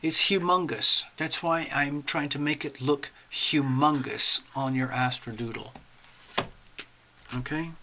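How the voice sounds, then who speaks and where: Chatty gravelly-voiced man hosting a livestream. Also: medium pitch, takes it slowly, a little hiss or hum. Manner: chatty, animated, addresses viewers directly. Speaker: astrology livestream host. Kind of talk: casual live-stream chat while drawing charts.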